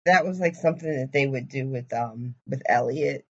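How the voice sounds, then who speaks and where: A woman's voice: extremely low pitch, moderate pace, slightly rough, lo-fi sound. A woman co-hosting a podcast, chatting casually and easily and laughing often. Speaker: podcast co-host. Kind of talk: casual book-discussion chat.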